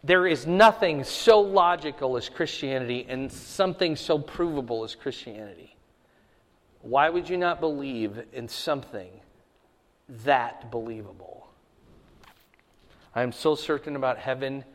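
A pastor preaching a sermon, reading Scripture loudly and dropping his voice low for asides. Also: unhurried, in a large hall.

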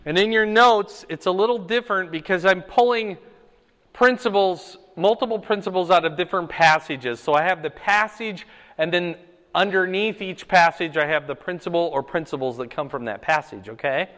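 A man's voice: high-pitched, normal speed, fairly bright tone. A man teaching a Bible lesson as a pastor, emphatic and often checking in with "okay?" and "right?". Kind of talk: sermon-style Bible teaching. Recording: echoey hall with long reverb.

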